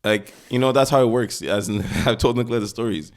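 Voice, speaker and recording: A man's voice: lowish voice, a little fast. A man co-hosting a podcast, chatting bluntly and acting out quoted voices. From Nigeria. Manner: blunt, animated, acts out quotes. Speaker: podcast co-host. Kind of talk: casual chat.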